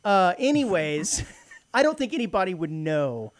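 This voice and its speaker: Animated joking Texan radio co-host. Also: male voice, high voice, measured pace. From Texas. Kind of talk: casual radio banter. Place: community radio studio.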